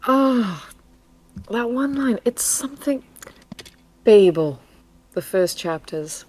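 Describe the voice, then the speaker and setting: A woman co-hosting a casual live stream, soft-spoken and giggly. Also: medium pitch, expressive, slow pace, no echo. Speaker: co-host.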